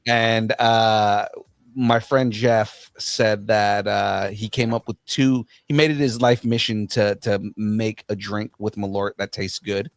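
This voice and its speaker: A young man hosting a casual podcast, rambling through a story with laughs and a loud sign-off. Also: fairly low pitch, steady tone, slow, no room sound. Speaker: podcast host.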